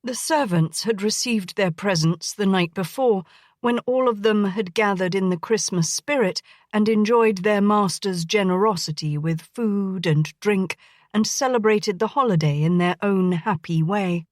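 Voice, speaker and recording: A woman narrating a historical romance audiobook in an even, gentle read. Her voice sits at a middle pitch, recorded close in a dry, dead booth. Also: unhurried, no room sound. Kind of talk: scripted narration.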